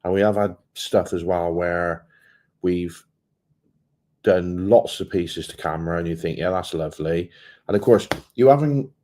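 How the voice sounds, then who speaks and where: Brief: British man, low and mellow, teasing banter on a casual live stream. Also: unhurried. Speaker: co-host of a travel channel live stream.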